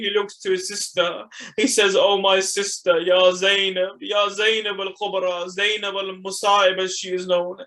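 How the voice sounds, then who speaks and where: A man delivers a mournful religious recitation in a high, bright voice. His pitch stays level as he laments with impassioned, dramatic pauses. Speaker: majlis reciter.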